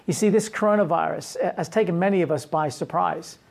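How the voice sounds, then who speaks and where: Earnest woman pastor, husky and fairly low, preaching with frequent restarts. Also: a little fast, darkish tone. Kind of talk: sermon.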